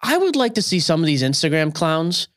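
A man's voice: a little high, big pitch swings, fairly quick, a bit bright. A man in his thirties co-hosting a podcast, ranting and opinionated in casual chat. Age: 30s. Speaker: podcast co-host.

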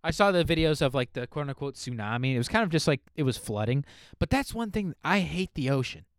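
A man's voice: on the high side, expressive, quick pace, smooth, no room sound, studio quality. A man hosting a solo podcast, rambling casually with lots of swearing and fillers. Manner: rambling, profane, filler-heavy. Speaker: podcast host.

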